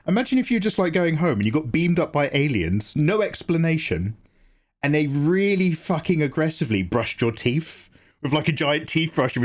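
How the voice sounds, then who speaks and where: A man chatting loosely on a drawing livestream, swearing, joking and greeting chat by name. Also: fairly high pitch. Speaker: streamer and artist.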